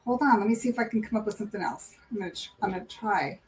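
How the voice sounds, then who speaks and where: A woman's voice: medium pitch, animated, racing, darkish tone, slight background noise, rough recording. A woman giving a live tarot reading in casual, rambling chat, laughing often. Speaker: tarot reader and co-host.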